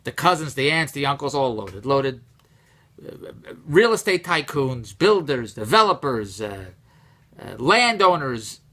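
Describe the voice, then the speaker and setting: Animated, rambling man telling a story. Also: mid-range voice, unhurried. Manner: rambling, repeats himself, restarts often; animated, rises and gets louder when exasperated. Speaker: host telling a personal story. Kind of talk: casual storytelling monologue.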